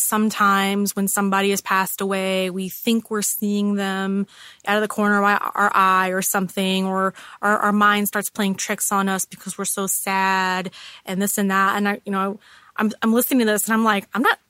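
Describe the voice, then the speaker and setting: A woman's voice: medium pitch, fairly bright tone. A woman telling her own ghost story in a casual, candid way with everyday fillers. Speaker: storyteller guest. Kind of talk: personal ghost story told in conversation. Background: music score.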